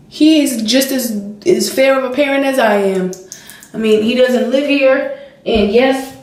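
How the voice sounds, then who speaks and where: A young woman vlogger chatting casually while she does her makeup, telling stories with animated expression and acting out her toddler's voice. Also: a little high. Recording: roomy, distant home camera sound.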